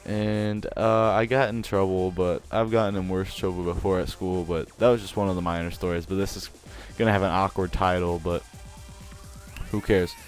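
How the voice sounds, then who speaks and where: A man's voice: sits low, fairly even intonation, normal speed, soft background music. A man telling a story from school days in a casual, rambling way, laughing often and restarting sentences. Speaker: vlogger.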